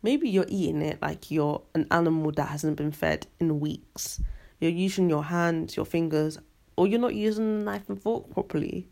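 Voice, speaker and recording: A young woman hosting a podcast, telling stories in an animated, ranting, slangy monologue. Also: lowish voice, normal speed, vocal fry. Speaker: podcast host. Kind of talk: casual storytelling monologue.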